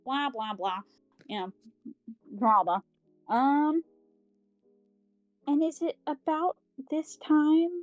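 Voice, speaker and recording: This podcast co-host is a woman with a high-pitched, animated voice, recapping a novel during a casual book club chat. Her rambling delivery is full of fillers and the odd curse, and she quickly paraphrases characters' lines as if performing them. There's no room sound, the audio is dull, and faint music plays behind her.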